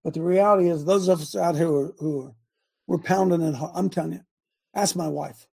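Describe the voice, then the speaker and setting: A man hosting an online talk as a coach, preaching loudly, repeating himself and shouting at times. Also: a little high, brisk, gravelly, slightly rough. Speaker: host and coach.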